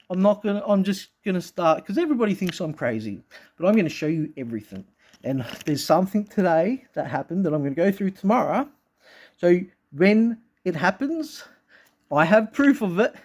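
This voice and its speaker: A vlogger speaks straight to his viewers in an intense, rambling monologue, swearing constantly. He keeps restarting sentences and swings from low mutters to loud outbursts.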